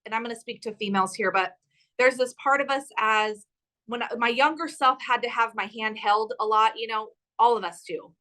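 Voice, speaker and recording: A woman's voice: on the high side, bright, forceful tone, low-quality recording. A woman co-hosting a podcast who talks casually in an emphatic, motivational way. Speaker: podcast co-host. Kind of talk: casual chat.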